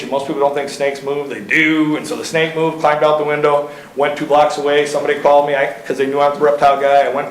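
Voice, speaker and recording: A man in his thirties from Iowa speaking to a city council as the local reptile keeper. He talks in a casual, folksy way, full of fillers and stories. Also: a little high. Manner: chatty and folksy, lots of fillers and anecdotes. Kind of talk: casual storytelling at a public meeting. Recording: roomy council chamber sound.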